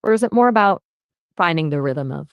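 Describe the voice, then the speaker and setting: A synthetic-sounding woman's voice as an AI conversation partner, upbeat and playful, with lively jumps in pitch. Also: brisk, no room sound, muffled recording. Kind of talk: chatty voice assistant conversation.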